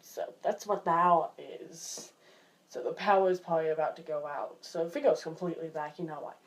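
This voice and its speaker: A teenage girl vlogging from home, chatting and complaining in an exasperated way while acting out everyday scenes in lively voices. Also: low-pitched, normal speed. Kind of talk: casual vlog rant. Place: her home, indoors.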